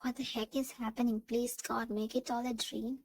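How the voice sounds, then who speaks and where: Woman reading fan fiction, flat and even. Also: fairly high pitch, normal speed, dry recording, low-quality recording. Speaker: narrator. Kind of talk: second-person fan fiction narration.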